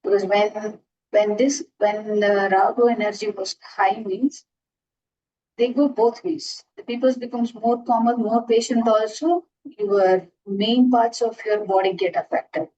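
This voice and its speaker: A woman's voice: medium pitch, fairly even intonation, unhurried, noisy background. A woman teaching astrology in an earnest lecture, restarting and repeating herself often as she explains. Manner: earnest, repetitive, frequent restarts. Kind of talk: classroom lecture.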